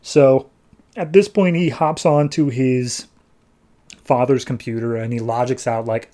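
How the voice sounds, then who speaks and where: A man retells a comic-book story as a podcast host, casual and wry, with a warm, mellow tone at an everyday pitch. His delivery is breezy and full of quick asides. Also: steady tone. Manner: breezy and sarcastic, slips into quick character voices.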